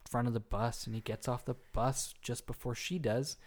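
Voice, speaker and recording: His mid-range voice is a little mellow, with fairly even intonation at normal speed, as this podcast co-host rambles casually through an urban legend. He often restarts and fills pauses with fillers.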